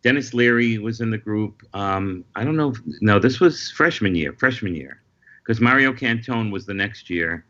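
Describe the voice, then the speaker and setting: A man, a guest comedian, telling lively anecdotes in casual conversation over a video call. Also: fairly low pitch, dull audio. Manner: lively anecdotal storyteller, quick asides. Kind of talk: casual storytelling chat.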